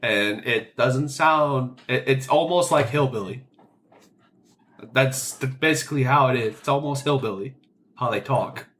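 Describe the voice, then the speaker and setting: A man's voice: mid-range voice, fairly bright tone. A man co-hosting a podcast, giving firm opinions in casual chat, often restarting his sentences. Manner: opinionated, talks in quick bursts with restarts. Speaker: podcast co-host.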